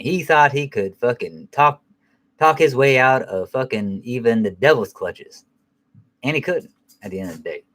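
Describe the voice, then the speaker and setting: A middle-aged man talks through a film in a loose, unscripted way, peppering his sentences with profanity. He wanders, restarts, and corrects himself as he goes, in a voice of ordinary pitch for a man. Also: fairly bright tone. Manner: rambling, profane, self-correcting. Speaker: film reviewer. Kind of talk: casual spoken film review.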